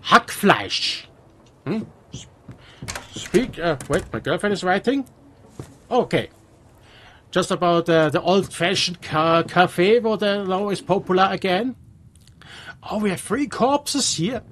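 Swiss German man, let's player, halting speech, unhurried, casual game commentary. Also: high voice, animated, a little hiss or hum. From Switzerland. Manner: halting with many restarts and fillers.

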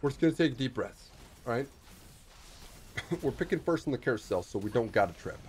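A young man streaming a strategy game, giving casual commentary and often bursting into excited shouts. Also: medium pitch, normal speed, slight background noise.

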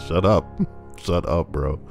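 A man's voice: sits low, slow, vocal fry, a little mellow, soft background music. A man doing comedic commentary as a streamer reading online posts, crude and jokey, slipping into silly voices and singing.

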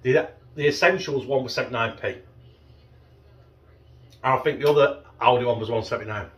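This food review vlogger is a middle-aged northern English man giving a frozen pizza the casual treatment, chatty, freely profane, occasionally speaking through a mouthful. He talks a little fast at a medium pitch, his tone fairly bright, though the audio itself sounds dull.

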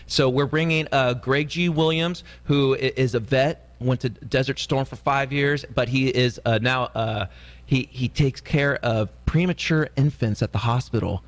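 A man's voice: mid-range voice, measured pace. A male comedian guest on a morning radio show, chatting casually and joking, often acting out quoted voices. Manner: jokey, acts out quoted voices, laughs often. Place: radio studio.

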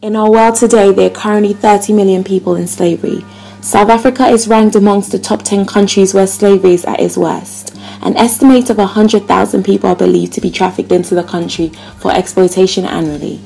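A young woman reading a scripted voice-over in a steady, informative way. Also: medium pitch, a little fast, vocal fry, slight background noise, poor audio. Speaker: volunteer narrating her plans.

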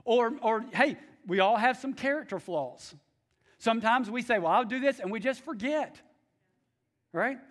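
Emphatic high-voiced male pastor preaching. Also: expressive, moderate pace. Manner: emphatic, repeats key phrases, calls for amens. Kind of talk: sermon.

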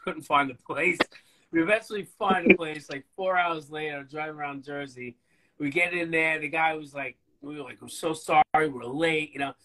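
A man tells stories in a loose, swearing, rambling interview style. His voice sits a little high and rings bright and forceful, and he keeps the tale moving with plenty of asides. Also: low-quality recording. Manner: profane, rambling, animated storytelling. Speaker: bass player guest. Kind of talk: casual storytelling interview.

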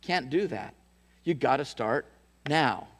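A man's voice: mid-range voice, expressive, slow, big-room sound. A man preaching a sermon as pastor, telling a story with restarts and repeated words, and building to emphatic calls to his church.

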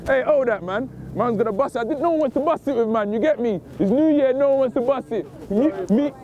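A young man with a London accent, hosting a street prank video, loud and pushy with slang-heavy party hype, recorded outdoors on a city street. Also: very high-pitched, quick pace. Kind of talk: hyped street prank banter. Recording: dull lo-fi street recording, faint traffic.

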